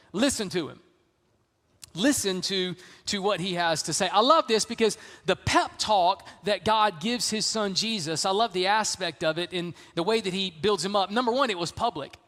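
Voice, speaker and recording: A man's voice: high voice, a bit bright. A middle-aged man preaching a sermon as pastor, emphatic and repetitive, often saying "man". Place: church sanctuary. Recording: reverberant church hall.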